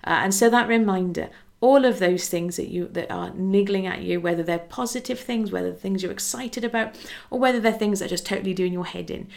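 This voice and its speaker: This podcast host speaks with a gravelly, mid-range voice at a fairly quick clip. Her casual devotional talk is earnest and uplifting, sprinkled with little conversations she acts out.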